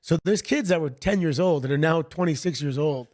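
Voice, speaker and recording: A middle-aged man from Canada, a guest chatting casually and telling rambling stories in a relaxed way. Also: fairly high pitch, brisk. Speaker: guest, wrestler. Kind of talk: casual interview chat.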